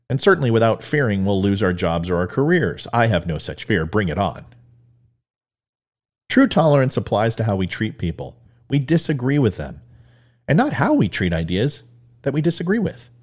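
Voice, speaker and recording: A man's voice: mid-range voice, a little mellow. A man hosting a commentary show, delivering an emphatic, punchy opinion monologue. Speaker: host.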